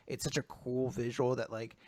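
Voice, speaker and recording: A man's voice: mid-range voice, little pitch movement, normal speed, dry recording, clean studio sound. A man co-hosting a podcast, enthusiastically and casually praising a manga chapter. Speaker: podcast co-host. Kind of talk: casual chat.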